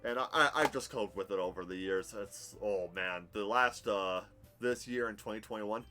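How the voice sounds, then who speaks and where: A man in his thirties talking on a live stream, chatty and candid, in a fairly low voice. He wanders from thought to thought at his desk, with faint music playing underneath. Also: moderate pace, pushed and bright. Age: 30s. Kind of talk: casual live-stream chat and game narration. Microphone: headphones with desk mic.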